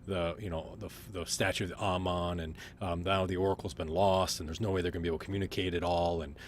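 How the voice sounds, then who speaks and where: Low-voiced male game master, rambling. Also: fast, slight background noise. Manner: relaxed, rambling, many fillers. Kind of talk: narrating a tabletop game.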